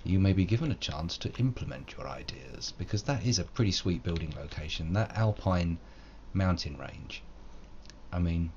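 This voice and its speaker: Deep-voiced rambling man gaming. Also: expressive, moderate pace, a little mellow, muffled recording, a little hiss or hum. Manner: rambling, wordy and self-mocking, with old-fashioned flourishes. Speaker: game streamer. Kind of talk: live gameplay commentary.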